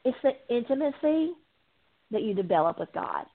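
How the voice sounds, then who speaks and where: A woman's voice: a little high, big pitch swings, normal speed, gravelly. A woman speaking as a recovery coach in an earnest, preaching way, repeating phrases for emphasis. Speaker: guest, addiction recovery coach. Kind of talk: faith-based interview talk. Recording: tinny phone line.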